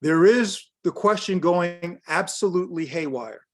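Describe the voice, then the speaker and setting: A man's voice: high voice, a little slow. A man in his sixties giving a workshop as a business coach, emphatic and direct, repeating his key phrases. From United States. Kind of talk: workshop talk on pricing.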